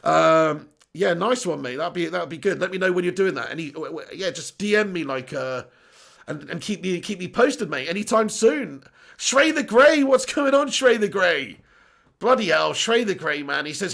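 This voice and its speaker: A man's voice: high-pitched, expressive, normal speed, creaky, fairly bright tone. A young man hosting a casual live stream, chatty and laughing often as he reads out viewer comments. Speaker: YouTube channel host.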